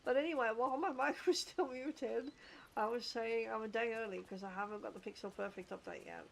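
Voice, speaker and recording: A woman's voice: on the high side, fairly even intonation, a little fast, creaky, slight background noise. A woman with a British accent, chatting casually and bluntly with her livestream chat while she plays, swearing and poking fun at herself. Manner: blunt, sweary, self-mocking.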